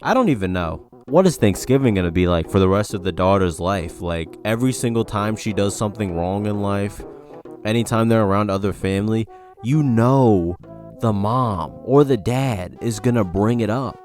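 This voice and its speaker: A man's voice: on the low side, moderate pace, darkish tone, faint music behind. A man hosting a casual commentary video, reacting to posts in a wry, exasperated way. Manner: wry and exasperated, with mock warnings.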